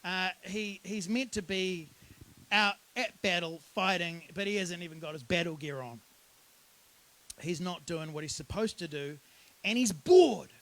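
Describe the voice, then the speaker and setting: A man's voice: sits high, measured pace, a bit bright, low-quality recording. A man preaching a sermon as pastor, in a casual, conversational storytelling manner.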